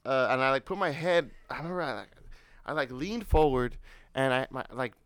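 A man's voice: medium pitch, a little fast, fairly bright tone, clean tone, no echo, clean studio sound. A young man co-hosting a podcast, telling a story in casual chat and acting out the screams and quotes. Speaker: podcast co-host.

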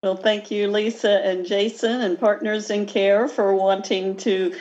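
A woman's voice: mid-range voice, little pitch movement, a little slow, darkish tone, lo-fi sound. A woman in her sixties with a Midwestern accent, a guest nurse practitioner speaking earnestly in a podcast interview.

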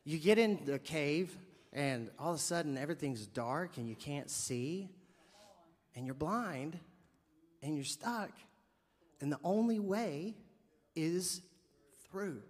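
Animated preacher man in a reverberant hall. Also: a little high, slow pace, long pauses. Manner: animated, jokey storyteller acting out dialogue. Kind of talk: sermon with comic storytelling.

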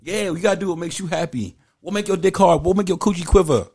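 A man's voice: high-pitched, fast, a little mellow. Joking, profane man co-hosting a chat. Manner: loose, profane, joking slang. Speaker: podcast co-host. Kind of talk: casual podcast chat.

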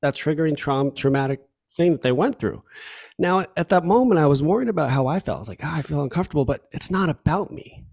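As a podcast guest in a candid conversation, a Chicago man speaks earnestly and from the heart, often repeating himself. His voice is a little high, a little fast, a little mellow, and animated.

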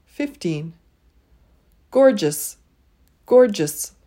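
A woman leading a pronunciation drill, saying each word twice and pausing so listeners can repeat. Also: mid-range voice, expressive, dark tone. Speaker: pronunciation teacher.

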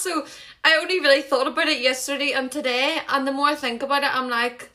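A woman in her twenties with a Northern Irish accent, hosting a podcast in casual solo chat. She rambles in a chatty way with self-conscious asides and talks fast and loud. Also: sits high, fairly even intonation. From Northern Ireland. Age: 20s. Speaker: podcast host.

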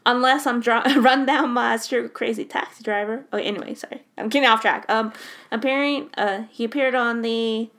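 A woman's voice: fairly high pitch, steady tone, a little fast, a bit bright. A woman reading trivia aloud in a casual chat, giggling and losing track as she goes.

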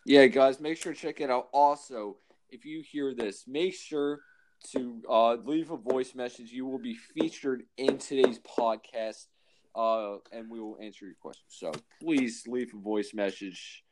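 A man's voice: mid-range voice, unhurried, background noise. A young man from Pennsylvania co-hosting a casual podcast, swearing often and laughing easily. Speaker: podcast co-host. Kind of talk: casual chat.

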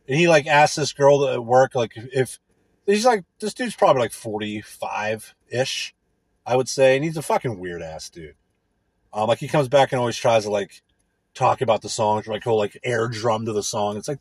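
A man in a casual, profane rant, crude, rambling and sarcastic, with a husky voice. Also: mid-range voice, expressive, normal speed, no echo.

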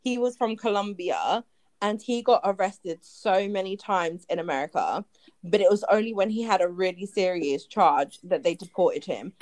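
A young woman co-hosting a podcast in casual chat, relaxed and laughing along. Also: medium pitch, moderate pace. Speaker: podcast co-host.

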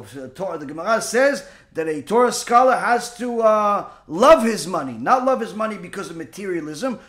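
A man teaching a Torah lesson through lively, animated storytelling with asides and fillers. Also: high-pitched. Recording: echoey room.

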